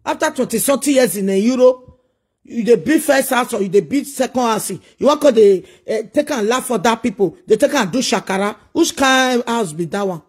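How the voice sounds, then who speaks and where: A man with a Nigerian accent, a social media commentator, delivers a preachy, scolding monologue full of repeated rhetorical questions. His voice is very high, animated, and brisk, and slightly rough.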